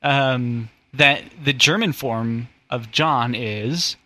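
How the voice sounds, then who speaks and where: A man's voice: medium pitch, very slow, bright, forceful tone. A man hosting a casual comedy podcast, rambling and joking as he explains word origins. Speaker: podcast host.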